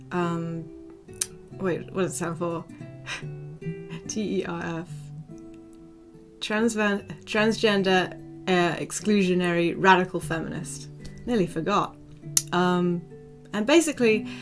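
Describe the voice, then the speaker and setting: A young woman streaming, chatting casually with her viewers, rambling with many ums and soft laughs. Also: on the low side. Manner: rambling, frequent ums, soft laughs, talks to chat by name. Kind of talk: casual livestream chat. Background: soft guitar music.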